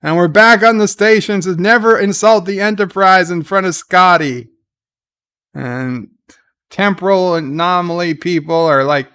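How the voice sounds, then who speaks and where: Male streamer, slightly high, smooth clear voice, loose rambling commentary, reads chat aloud. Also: a little slow, fairly bright tone. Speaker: livestream reaction host. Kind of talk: live commentary and chat reading.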